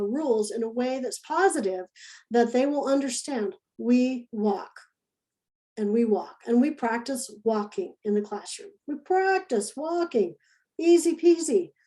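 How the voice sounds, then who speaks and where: Woman, early childhood education instructor, mellow and fairly high voice, chatty, demonstrative delivery. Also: low-quality recording. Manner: conversational, demonstrative, repeats key phrases. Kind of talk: recorded lesson.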